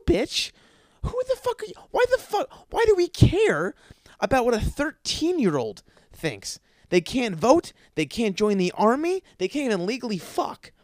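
A man hosting a podcast from his apartment, ranting with constant swearing, stuttering and repeated words, jumping between yelling and mumbling. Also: very high-pitched, no room sound, studio quality. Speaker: podcast host. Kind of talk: profane ranting monologue. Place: his apartment, in a dark room. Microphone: studio microphone.

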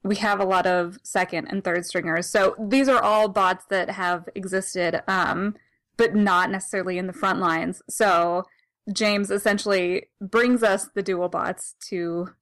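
Here is a woman co-hosting a podcast, her pitch sitting right in the middle of the usual range. She talks casually, laughs a lot and rambles into self-corrections. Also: steady tone, a little slow, a bit bright. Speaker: podcast co-host. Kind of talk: casual comic discussion.

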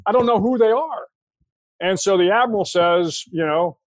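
An older American man, a guest in an interview, telling a long anecdote in a relaxed, conversational way with frequent restarts. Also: high voice, moderate pace, no echo. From United States. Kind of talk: storytelling anecdote.

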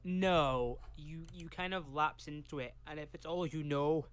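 A man's voice: a little high, fairly even intonation, measured pace, clean tone. A Scottish man co-hosting a podcast, reading case notes from a script and breaking off for chatty tangents. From Scotland. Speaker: podcast co-host.

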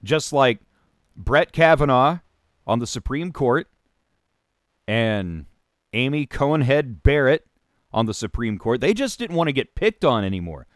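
A man's voice: mid-range voice, very animated, unhurried, no room sound, studio quality. A man hosting a talk radio show, delivering a sarcastic, opinionated monologue with mocking put-on voices.

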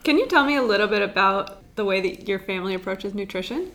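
A woman's voice: medium pitch, expressive, fairly bright tone. A woman interviewer asking questions in a casual conversation and offering short, encouraging replies. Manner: encouraging, quick affirmations.

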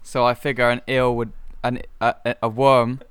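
A young man co-hosting a podcast, chatting casually with dry asides and halting restarts. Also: medium pitch, little pitch movement, fairly bright tone, clean tone, dry recording. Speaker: podcast co-host. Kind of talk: casual chat.

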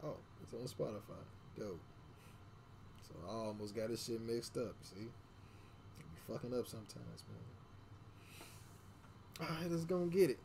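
Gravelly laid-back man hosting a podcast. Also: medium pitch, measured pace, long pauses, noisy background. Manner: laid-back slangy banter with laughs. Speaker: podcast host. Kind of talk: casual chat.

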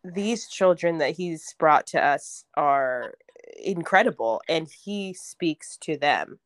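A woman's voice: low-pitched, expressive, takes it slowly, dry recording, studio quality. A woman in her thirties, a podcast co-host sharing a story earnestly in casual chat. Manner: earnest, warm storyteller, acts out child's voice.

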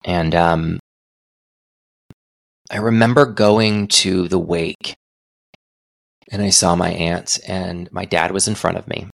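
A young man hosts a solo podcast in a very low voice with a gravelly edge. He talks earnestly and thoughtfully, often restarting his sentences as he works through his ideas. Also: steady tone, takes it slowly, pauses often, no room sound, studio quality. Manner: earnest, reflective, many restarts. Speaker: podcast host.

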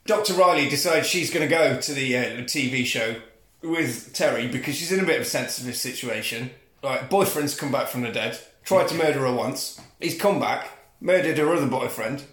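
A man's voice: mid-range voice, moderate pace, reverberant. A man in casual podcast chat, retelling a film plot with lots of swearing and laughter. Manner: profane, animated storytelling with laughs. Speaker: podcast co-host.

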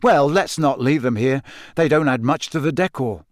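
Wry teen prankster boy from a man, dry humor, lifted a bit higher, close dry recording. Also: normal speed, dry recording, lightly acted.

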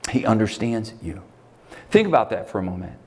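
A man with an American accent preaching a conversational sermon as pastor, swinging from loud emphatic lines to hushed, quiet quotes. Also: fairly low pitch, sing-song, fairly quick.

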